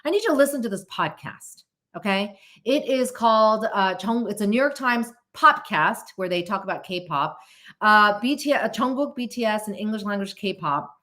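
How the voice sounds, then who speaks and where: A woman's voice: medium pitch, lively intonation, moderate pace, a bit bright. Podcast host, woman, mid-range voice, heartfelt and rambling, visibly moved. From United States. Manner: earnest, openly emotional, rambling with restarts. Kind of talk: casual chat.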